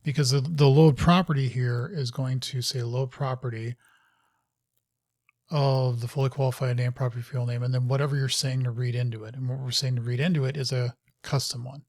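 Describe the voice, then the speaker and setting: A man's voice: mid-range voice, fairly even intonation, a little fast, darkish tone, no echo, studio quality. A man hosting a live coding session, thinking aloud as he works, muttering to himself and scolding his code with casual, self-mocking asides.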